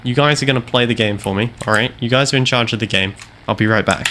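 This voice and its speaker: A young man doing live gameplay commentary from his home gaming setup on a headset mic, theatrical and self-mocking, with loud mock-heroic outbursts. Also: mid-range voice, fast, background noise. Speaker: game streamer.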